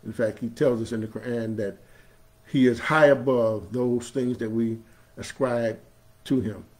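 An imam preaching a sermon in a mid-pitched male voice. He builds from a calm explaining tone to loud, drawn-out emphasis on key phrases, then chants scripture. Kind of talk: Friday sermon. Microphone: streamed live online.

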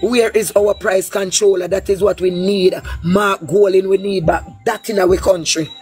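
A woman's voice: medium pitch, steady tone, moderate pace, a little mellow, breathy edge, soft background music. A woman with a Jamaican Patois accent giving a heated, casual political rant, blunt and profane, with a lilting sing-song delivery. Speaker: political commentator.

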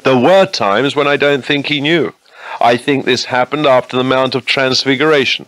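Male preacher, mid-pitched, earnest and conversational, dry close sound. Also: moderate pace, a bit bright, no echo, low-quality recording. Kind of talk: sermon.

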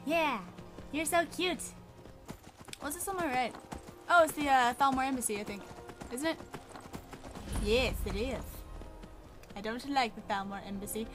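A woman's voice: high voice, measured pace, long pauses, music in the background. A woman hosting a playful let's-play commentary, chatty and giggly, talking to the characters in the game. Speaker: gaming channel host.

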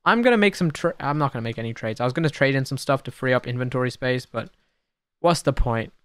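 Excitable young man narrating his gameplay. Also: mid-range voice, quick pace, clean tone, dry recording. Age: young adult. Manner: excitable, talks to mobs, sudden shouts and mutters. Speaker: gaming YouTuber. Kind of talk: casual gameplay commentary.

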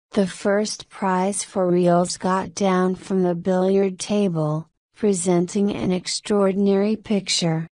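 A woman reading a story aloud for English learners in a clear, steady way. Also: mid-range voice, dry recording. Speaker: story reader.

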